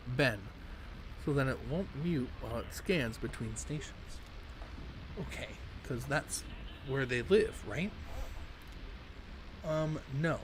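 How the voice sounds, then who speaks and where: A man reading a game's dialogue aloud and breaking in with sarcastic, swearing asides as a let's play host. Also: mid-range voice. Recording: clear background noise.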